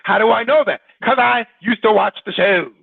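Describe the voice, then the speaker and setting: Male broadcast host, husky high voice, chatty with questions to listeners, dry phone-quality sound. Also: moderate pace, no echo. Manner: conversational, poses rhetorical questions to listeners. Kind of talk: informal broadcast talk.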